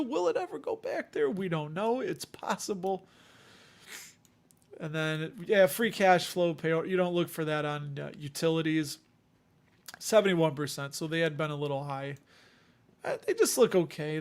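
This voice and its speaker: A man from Chicago with a Chicago accent, hosting a casual investing livestream in a rambling, joking, self-deprecating way. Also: fairly high pitch. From Chicago area. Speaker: dividend investing livestream host.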